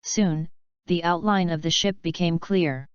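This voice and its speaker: A woman reading a fanfiction audiobook aloud in a steady, even narration. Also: fairly low pitch, a little slow, clear, resonant tone, no echo, dull audio. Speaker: audiobook reader. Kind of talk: scripted narration.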